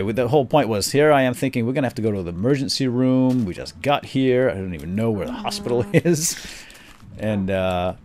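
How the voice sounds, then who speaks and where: A middle-aged man telling a family story while playing a game, switching to quiet muttering when he deals with the game. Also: sits low, noisy background. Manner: animated storyteller, drops to quiet muttering over game actions. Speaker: gaming video host. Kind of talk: storytelling during a game playthrough.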